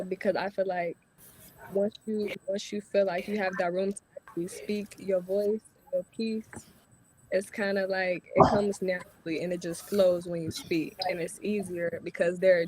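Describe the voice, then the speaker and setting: A teenage girl talks hesitantly in a casual discussion, often pausing on fillers as she gathers her thoughts. A faint room hum runs behind her. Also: lowish voice, poor audio. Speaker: teen panelist.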